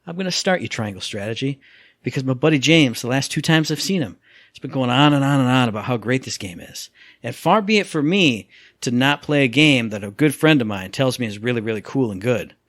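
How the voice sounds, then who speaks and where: A man co-hosting a casual gaming podcast, telling stories with lively acted-out quotes and sound effects. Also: medium pitch, fairly quick, no room sound, clean studio sound. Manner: animated storyteller, acts out quotes and sound effects. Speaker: podcast co-host.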